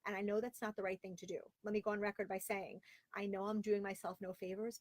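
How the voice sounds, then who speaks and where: A woman's voice: mid-range voice, flat delivery, fast, no echo. Woman, 30s, live-stream host, candid, exasperated, chatty, dry close sound. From Florida, via Long Island. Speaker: host of a live video show. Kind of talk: casual live-stream chat reading viewer comments. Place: home closet.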